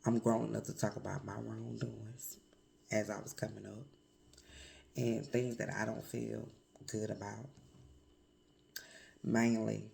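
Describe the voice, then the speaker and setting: A woman vlogger with a hoarse voice from a cold, speaking candidly and reflectively in a confessional vlog, with many pauses and fillers. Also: extremely low pitch, level tone, dark tone.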